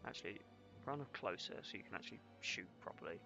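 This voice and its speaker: A man's voice: low-pitched, expressive, fast talker, gravelly, highs cut off, over music. Guy streaming a strategy game, chatty, swears a lot, talks his moves through. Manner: casual, swears, jokes with chat. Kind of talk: live gameplay commentary.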